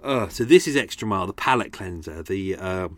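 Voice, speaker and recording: A man's voice: deep voice, expressive, fairly quick, no echo. Male host, casual sweary ramble, slightly strained voice, dry sound. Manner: sweary, self-deprecating, chatty. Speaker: podcast host.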